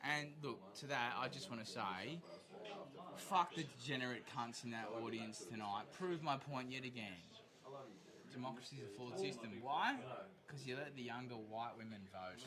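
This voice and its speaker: Man yelling a brash, swearing rant, his pitch swinging wildly, over a roaring crowd; a wild backstage tirade. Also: lively intonation, moderate pace. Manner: shouting, brash and profane. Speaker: comedy contestant. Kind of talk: drunken ranting interview. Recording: loud crowd noise behind.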